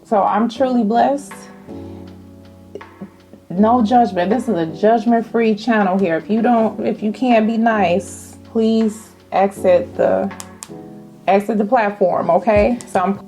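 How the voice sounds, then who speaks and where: Slow, mellow-voiced woman vlogger. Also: fairly low pitch. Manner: animated, testifying, addresses viewers as y'all. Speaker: fragrance vlogger. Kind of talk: casual chat to camera.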